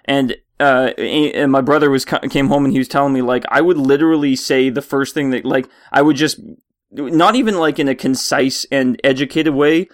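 A man's voice: medium pitch, normal speed. A man co-hosting a casual comedy podcast, rambling and swearing for laughs. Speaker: podcast co-host.

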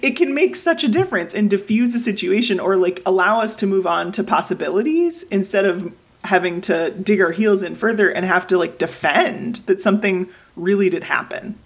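A woman in her thirties co-hosts a casual podcast chat. Her voice is slightly husky and swings widely in pitch. She tells personal stories with feeling. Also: moderate pace. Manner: emotional, animated storytelling with acted quotes. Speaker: podcast co-host. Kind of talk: casual conversation.

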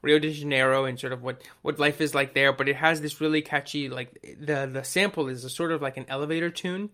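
A man's voice: on the high side, steady tone, a little fast, bright, forceful tone. Rambling, cursing man in casual chat. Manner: rambling, profane, acts out quotes. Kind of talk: casual chat about music.

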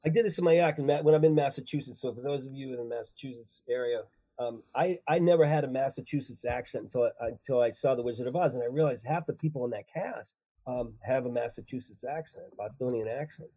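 A man chatting casually as a comedian guest, animated and laughing often between silly bits. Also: mid-range voice, fast talker, breathy edge. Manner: animated, laughs a lot, jumps into silly voices.

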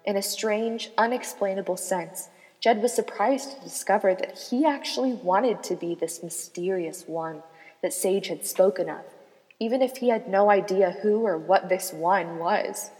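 A woman narrating a serialized story in a measured, dramatic manner. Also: medium pitch, darkish tone. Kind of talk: scripted audiobook narration. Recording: long reverb with background music.

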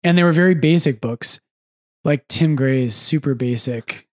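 A man who is a priest and podcast host, chatting casually and with animation, often breaking off to correct himself. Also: on the high side. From United States. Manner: animated, quick asides, self-correcting.

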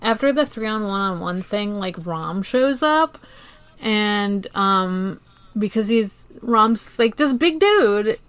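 A woman's voice: medium pitch, animated, slow pace, a bit bright, clear, resonant tone, dry recording. A woman co-hosting a podcast in casual chat, rambling with lots of filler words and swearing. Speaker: podcast co-host.

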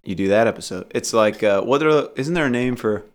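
A man's voice: medium pitch, lively intonation, fairly quick. A young man co-hosting a casual comedy podcast, joking and rambling through callbacks. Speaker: podcast co-host. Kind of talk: casual chat.

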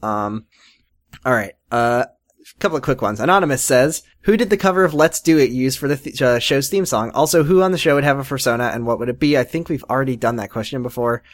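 A man's voice: mid-range voice, fast talker. A man co-hosting a podcast in casual chat, with blunt, exasperated jokes. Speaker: podcast co-host.

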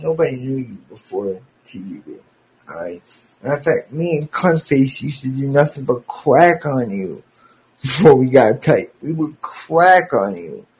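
A man's voice: medium pitch, a little mellow, a little hiss or hum, low-quality recording. A man hosting a podcast, delivering an angry, profane, sarcastic rant aimed at a former friend.

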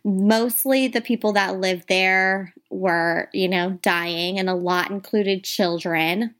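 A woman's voice: medium pitch, steady tone, takes it slowly, fairly bright tone. A woman co-hosting a podcast, chatting casually as she tells ghost stories and talks straight to her listeners. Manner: chatty, addresses listeners as "you guys". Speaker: podcast co-host. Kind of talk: casual ghost-story chat.

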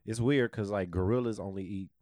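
A man's voice: fairly low pitch, brisk, mellow, no echo, clean studio sound. A young man co-hosting a podcast, chatting casually and crudely, swearing and joking in a small room. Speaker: podcast co-host. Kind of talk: casual chat.

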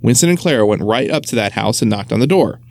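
A man reading a children's story aloud in an expressive, storytelling manner. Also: medium pitch, fast, vocal fry.

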